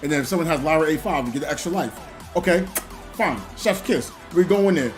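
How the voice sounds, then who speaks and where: Lively high-voiced man telling game stories. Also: fast, soft background music. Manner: animated storytelling with frequent laughs. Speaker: gaming streamer. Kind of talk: casual live-stream chat.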